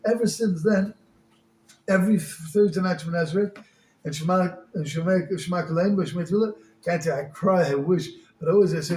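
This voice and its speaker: A man giving a Hasidic sermon as a rabbi, swinging from crying-out pleas to quiet storytelling, with Yiddish and Hebrew words mixed into his English. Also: sits high, a little fast. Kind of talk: Hasidic sermon to a small group. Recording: echoey room with faint noise.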